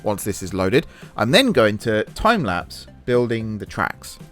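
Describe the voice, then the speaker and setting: This is a man with a fairly low voice hosting a casual building-game let's-play. He chats and plans out loud as he works. He shrugs off his own blunders with easygoing humor. Soft background music sits under his talk. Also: very animated, a little slow. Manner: chatty, thinking aloud while building; self-deprecating about mistakes. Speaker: gaming channel host.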